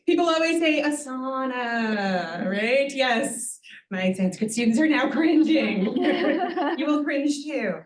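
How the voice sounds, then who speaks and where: Speaking slowly in a high-pitched voice with lively intonation, a woman teaches beginning Sanskrit at a university event. Patient and lightly humorous, she frequently checks with "right?" The audio is reverberant.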